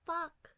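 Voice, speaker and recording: A woman streamer in casual live-stream chat, hoarse, giggling and swearing often with playful mock menace. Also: very high-pitched, bright, forceful tone.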